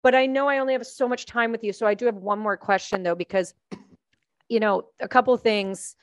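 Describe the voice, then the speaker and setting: A woman's voice: on the high side, brisk, dry recording. Earnest woman host, dry close sound. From Canada. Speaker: podcast host. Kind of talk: conversational interview.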